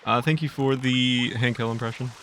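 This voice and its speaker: A man's voice: medium pitch, fairly even intonation, normal speed, fairly bright tone, a little hiss or hum. A man casually live-streaming a game, jokey, reading chat messages aloud. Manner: jokey, reads chat aloud, laughs often.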